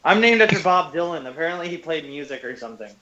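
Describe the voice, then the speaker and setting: A man's voice: a little high, lively intonation, fast, pushed and bright, dull audio. A young man co-hosting a casual podcast chat, brash and full of crude jokes. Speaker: podcast co-host.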